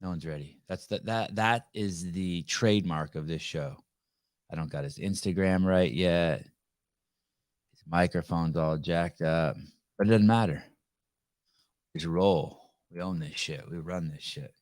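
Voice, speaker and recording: A man's voice: sits low, unhurried, a little mellow, dry recording. A man hosting a live podcast over a video call, talking bluntly and joking with a lot of profanity. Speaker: podcast host.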